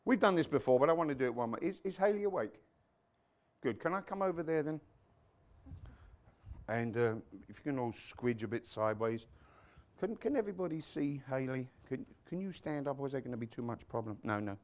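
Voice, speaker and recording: A man's voice: medium pitch, animated, fairly quick, darkish tone. A man preaching a sermon to his congregation, quoting scripture, dropping muttered asides and joking with the people in front of him. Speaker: pastor.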